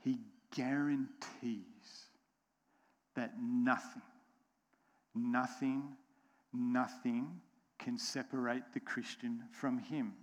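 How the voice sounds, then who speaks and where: A man with an American accent preaching a sermon to his congregation, slow and emphatic, repeating key phrases and putting questions to the room. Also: mid-range voice, fairly even intonation. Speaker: pastor. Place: church sanctuary. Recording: long church hall reverb.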